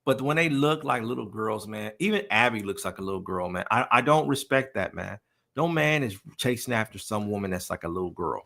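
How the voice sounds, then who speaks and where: A man's voice: fairly low pitch, animated, a little fast, vocal fry, fairly bright tone. A man hosting a casual podcast chat, ranting emphatically with a lot of swearing. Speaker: podcast host.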